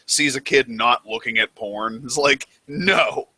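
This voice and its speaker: Deadpan, joking man co-hosting a podcast. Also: mid-range voice, moderate pace. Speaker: podcast co-host. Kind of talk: casual chat.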